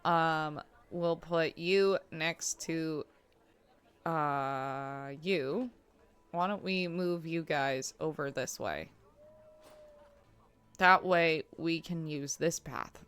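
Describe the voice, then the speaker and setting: A woman's voice: deep voice, extremely slow, fairly bright tone, clear, resonant tone. A woman streaming a zoo-building game, chatting casually to herself and her animals with lots of fillers. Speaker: gameplay streamer. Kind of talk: casual gaming commentary.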